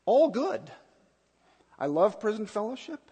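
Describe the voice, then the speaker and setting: A pastor preaching a sermon in an earnest, emphatic way, repeating key points. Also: male voice, high-pitched, very animated, unhurried, mellow, husky, big-room sound, highs cut off.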